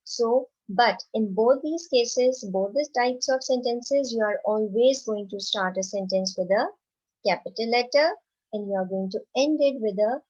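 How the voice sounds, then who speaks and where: A woman teaching a slow, simple lesson to young children. She encourages them and asks questions that she then answers herself. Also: fairly high pitch, darkish tone, highs cut off. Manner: reads example sentences very slowly and clearly.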